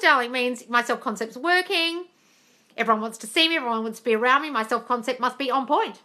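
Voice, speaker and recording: A woman with a slightly high voice talks fast while hosting a casual live Q&A on a phone stream. She's blunt and sweary, calls viewers darling, and squeals and laughs animatedly at comments.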